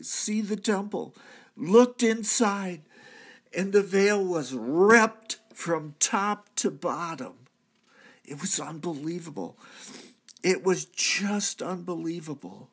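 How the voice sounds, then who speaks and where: A man's voice: high voice, expressive, slow pace, husky, full character voice. A man playing a repentant thief from the crucifixion, telling his story earnestly in a church drama monologue. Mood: solemn. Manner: earnest storytelling, swelling to cries at key moments. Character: repentant male thief, crucified, now redeemed.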